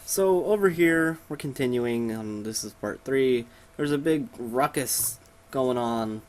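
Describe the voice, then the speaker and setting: A man's voice: medium pitch, takes it slowly. A man giving casual let's play commentary, irreverent and joking as he invents silly dialogue for the characters.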